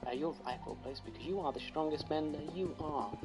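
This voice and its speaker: A woman's voice: low-pitched, a little fast, low-quality recording. Chatty woman over music. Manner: chatty, wry, animated storytelling. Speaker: streamer. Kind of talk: casual retelling while gaming. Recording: background music.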